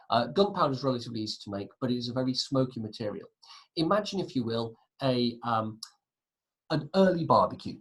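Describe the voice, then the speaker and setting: A man's voice: mid-range voice, poor audio. A man teaching a history lesson, asking his pupils questions and answering them himself. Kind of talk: classroom lesson video.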